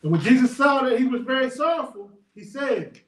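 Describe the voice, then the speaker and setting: A man reading the King James Bible aloud at a steady, measured pace. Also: very high voice. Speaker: scripture reader. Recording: echoey, recorded from a distance.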